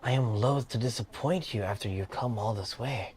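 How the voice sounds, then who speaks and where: A man's voice: mid-range voice, normal speed, heavy background noise, natural voice. A streamer voicing a troubled, formal young man in a game with a put-on American Southern accent. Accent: attempted American Southern.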